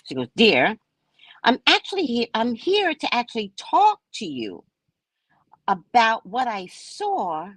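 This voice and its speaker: A woman's voice: a little high, very animated, unhurried, fairly bright tone, no echo. A woman psychic reader telling a story on a casual live stream, brash, profane and mocking.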